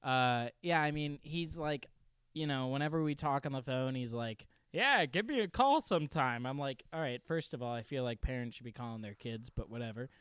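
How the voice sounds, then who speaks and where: A young man co-hosting a podcast in casual chat, telling stories in a profane, animated way. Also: mid-range voice, a little fast, clean tone, dry recording. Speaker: podcast co-host.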